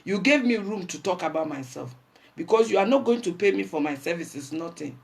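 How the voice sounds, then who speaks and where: A woman's voice: lowish voice, animated, fairly quick, creaky, a little mellow. A woman with a Ghanaian accent, hosting a livestream and delivering a blunt, preachy rant that scolds her viewers. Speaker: livestream host.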